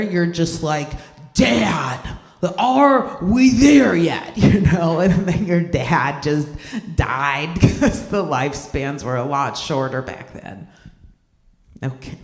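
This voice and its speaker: Young stand-up comic in an echoey hall. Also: mid-range voice. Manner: conversational, self-deprecating, keeps checking in with the crowd. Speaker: stand-up comedian. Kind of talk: live stand-up comedy. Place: event hall stage. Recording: roomy hall reverb.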